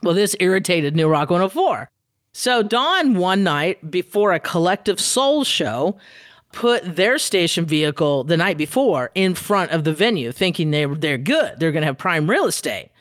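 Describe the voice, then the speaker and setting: A woman radio DJ telling an animated, profane anecdote as a guest, laughing as she goes. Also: lowish voice, normal speed, no echo, clean studio sound. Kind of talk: storytelling anecdote.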